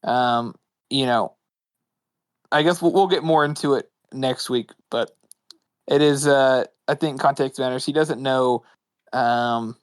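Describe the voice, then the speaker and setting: A man's voice: medium pitch, slow, pauses often, smooth, no echo. Man thinking aloud in a dry room. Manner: thinking aloud with "uh" and "like" while he talks. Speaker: podcast co-host. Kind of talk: casual book podcast chat.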